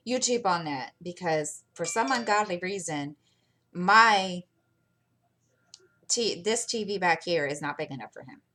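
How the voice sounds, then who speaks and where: A woman's voice: low voice, pushed and bright. A middle-aged woman hosting her channel, chatting casually and telling rambling stories while she works on a craft. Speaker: channel host.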